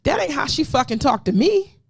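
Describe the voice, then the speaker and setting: A woman's voice: high voice, brisk, gravelly, slight background noise. A woman co-hosting an uncensored talk show, talking bluntly and with plenty of profanity. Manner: blunt, profane, animated storytelling. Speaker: podcast co-host. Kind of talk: uncensored casual chat.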